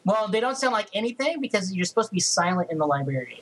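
A man's voice: high-pitched, sing-song, fast talker, a bit bright, rough recording. A man co-hosting a comedy podcast who reads news stories and throws in sarcastic quips. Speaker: podcast co-host. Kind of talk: casual comedic news chat.

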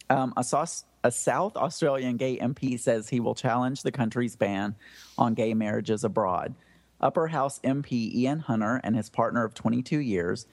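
A man's voice: mid-range voice, vocal fry, a little mellow, no room sound. A man on a podcast chatting and reading a news story aloud, with self-conscious asides. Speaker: podcast panelist.

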